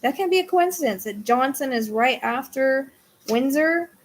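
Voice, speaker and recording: Woman, excitable live streamer, fairly high voice, hushed asides then loud exclaiming, casual chat. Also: normal speed, slight background noise. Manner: excitable, swings between hushed and exclaiming, talks to her dog. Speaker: psychic streamer.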